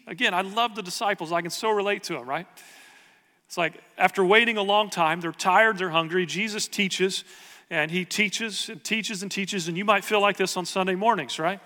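A man's voice: high-pitched, normal speed, sharp tone, long reverb tail. A man preaching a sermon as pastor, earnest and conversational, asking the congregation rhetorical questions.

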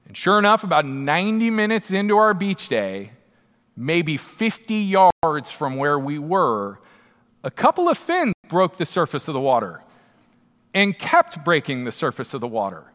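A man's voice: on the high side, moderate pace. A man in his thirties telling a funny, self-mocking story to a live audience in a large hall. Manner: animated, self-mocking, punchy delivery. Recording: long hall reverb.

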